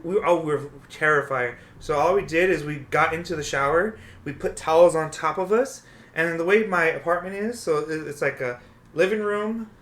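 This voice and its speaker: Podcast host, male, fairly high and bright, loose animated storyteller. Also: moderate pace. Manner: storytelling, animated when quoting people. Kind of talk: casual podcast chat.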